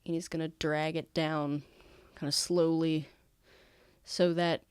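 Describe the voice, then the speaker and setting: A woman game master narrating a tabletop game and describing each scene with frequent fillers. Her voice sits on the low side and sounds dry and close. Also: little pitch movement, slow pace, a little mellow, clear, resonant tone, no echo.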